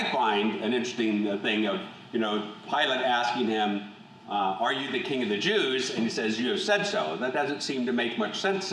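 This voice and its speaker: A man's voice: mid-range voice, fairly bright tone, far from the mic. Man leading a Bible study in an echoey room. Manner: measured, thoughtful, with frequent restarts. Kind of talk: scripture reading and group discussion. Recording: echoey room, voice from off-mic, faint hum.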